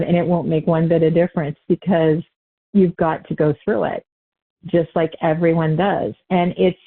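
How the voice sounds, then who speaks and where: A woman's voice: lowish voice, creaky. A woman giving an unscripted spiritual teaching talk, loose and conversational, correcting herself as she goes with light laughs. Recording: tinny phone-like line.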